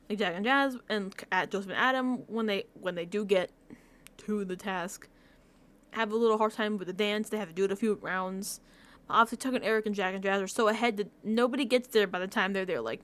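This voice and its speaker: Rambling, animated young woman recapping a show. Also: mid-range voice. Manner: rambling, animated, swears freely, frequent restarts. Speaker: reality show recap host. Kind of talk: casual reaction recap. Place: home room. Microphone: close desk mic.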